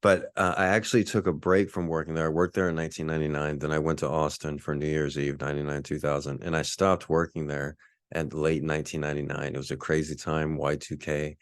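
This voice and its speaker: Very deep-voiced laid-back man. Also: level tone, quick pace, dry recording, clean studio sound. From Texas. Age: 40s. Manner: laid-back, rambling, self-assured. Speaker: podcast host. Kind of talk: casual storytelling monologue.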